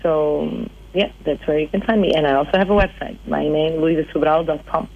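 A woman's voice: low-pitched, fairly quick, creaky, narrow, tinny audio. A woman in her thirties from Portugal who speaks English with a Portuguese accent, chatting in an interview. She talks hesitantly, with many fillers and restarts. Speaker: singer guest. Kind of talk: casual interview chat.

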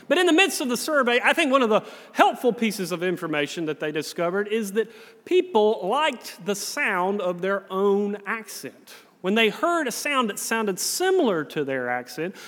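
Southern male preacher, high voice, folksy sermon, long church reverb. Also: a bit bright. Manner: conversational, folksy storytelling. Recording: long reverb in a large hall.

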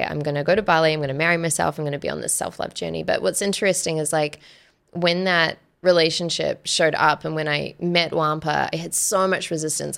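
Creaky-voiced woman telling a story. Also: deep voice. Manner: animated, acts out quoted dialogue, laughs often. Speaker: podcast guest. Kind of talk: casual storytelling.

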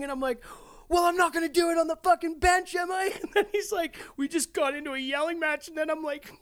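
A young man co-hosting a casual chat, telling a crude story with lots of swearing and loud acted-out quotes. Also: very high-pitched, fast, hardly any pauses. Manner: profane storyteller, loud animated voices when acting out quotes. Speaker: podcast co-host.

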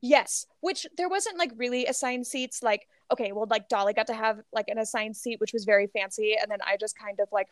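Woman podcast co-host, high bright-sounding register, dry close sound, breathless gossipy storytelling. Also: fairly quick, hardly any pauses, no room sound. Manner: animated storytelling, heavy filler "like", swears freely. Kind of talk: casual gossip chat.

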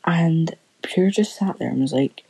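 A woman's voice: low-pitched, a little slow, vocal fry, warm tone, a little hiss or hum, poor audio. A young woman rambling through a story in casual chat, swearing constantly as a podcast co-host.

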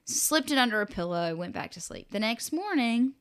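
Lively woman telling parenting stories. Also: on the high side, moderate pace, clean tone. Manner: animated storytelling, acts out quotes. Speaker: podcast co-host. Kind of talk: casual chat.

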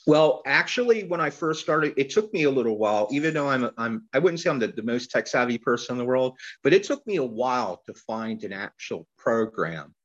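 A man talking as a guest poet in a casual interview, rambling and halting with lots of fillers and restarts. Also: mid-range voice, very animated, lo-fi sound.

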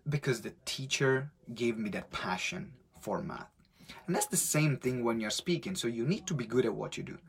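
Italian-accented male coach, husky voice, lively live-stream talk. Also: mid-range voice. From Italy. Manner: energetic, animated storytelling with acted-out quotes.

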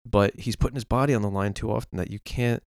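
A man with a low, gravelly voice complains through a casual sports podcast. He talks in frustrated bursts, breaking off and restarting his sentences. The sound is dry and close, with no room echo. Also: steady tone, a little mellow. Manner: frustrated, rapid ranting with restarts and swearing. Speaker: podcast co-host.

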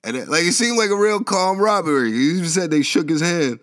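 A commentary vlogger with a fairly high, expressive, slightly bright voice tells a news story at a quick clip. His delivery is casual and rambling, packed with slang and asides he chuckles at himself.

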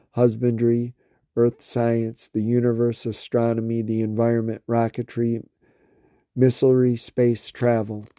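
A man slowly reading a long list of words aloud, one by one, with small slips and restarts. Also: mid-range voice, warm tone, no echo, studio quality. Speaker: reader.

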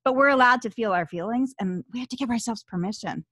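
A woman's voice: fairly high pitch, fast talker, fairly bright tone, no room sound, studio quality. A woman of fifty hosting an interview podcast, talking in an effusive, emotional way with many "like"s. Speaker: podcast host. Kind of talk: conversational interview.

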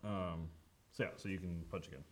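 A man narrating as game master in a relaxed, hesitant way, often filling pauses with "um". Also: sits low, a little hiss or hum. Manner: relaxed, hesitant, lots of fillers and chuckles.

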